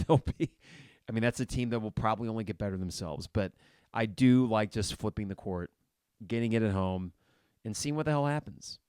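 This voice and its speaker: A man's voice: fairly low pitch, clear, resonant tone, no echo, clean studio sound. Frustrated man calling a game live. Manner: blunt and frustrated, shouts at players; swears casually. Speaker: podcast host reacting live to a basketball game. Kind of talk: live play-by-play reaction.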